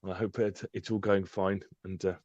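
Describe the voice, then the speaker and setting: A man with a lowish voice chats on a live stream, rambling through fillers and breaking into laughs. His call audio is dry and a little dull, with no room sound at all. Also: level tone, fairly quick, darkish tone, dry recording. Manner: chatty, laughs often, many fillers. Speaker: co-host. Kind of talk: casual live-stream chat.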